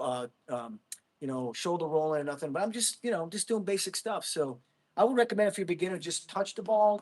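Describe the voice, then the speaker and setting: A middle-aged man hosting a casual livestream, bluntly chatting with viewers and calling them bro. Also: fairly high pitch. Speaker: livestream host. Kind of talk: casual livestream chat, reading comments.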